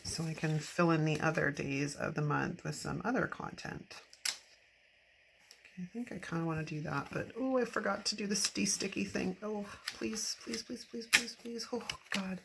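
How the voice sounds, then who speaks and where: A woman's voice: lowish voice, normal speed, gravelly, pauses often. A woman in her fifties chatting casually while decorating a planner, rambling and laughing often. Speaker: planner vlogger. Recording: steady background noise.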